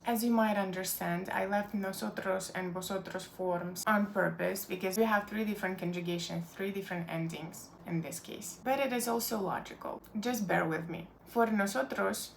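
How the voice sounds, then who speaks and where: Patient woman teaching with slight gravel. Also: mid-range voice, slight background noise. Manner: patient, explanatory, with fillers like "like". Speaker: Spanish teacher. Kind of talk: online language lesson.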